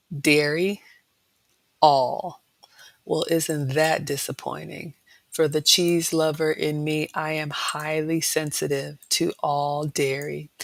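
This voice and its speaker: A woman's voice: low voice, no room sound. A middle-aged woman hosting a cooking channel livestream, chatting casually and repeating words for emphasis.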